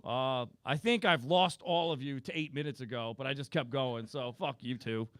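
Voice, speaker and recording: A man's voice: medium pitch, normal speed, a bit bright, dry recording. A young man doing a rambling, crude, self-deprecating stand-up roast set. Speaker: stand-up comedian.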